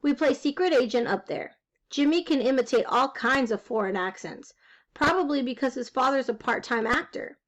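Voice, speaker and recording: A woman reading a children's book aloud, telling it in a lively, wry first-person voice. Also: high-pitched, normal speed, muffled recording. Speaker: reader. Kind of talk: storybook read-aloud.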